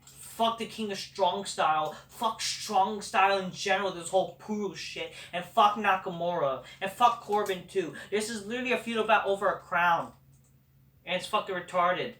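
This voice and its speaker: The host of a casual review show rants in a high-sitting, slightly bright voice, sounding sarcastic, profane, and dismissive. He's far from the mic, and the room gives a roomy echo.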